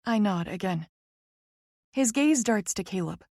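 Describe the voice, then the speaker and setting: A woman's voice: mid-range voice, animated, measured pace, gravelly, darkish tone, dry recording, studio quality. A woman narrating a first-person romance audiobook in a wry, conversational way.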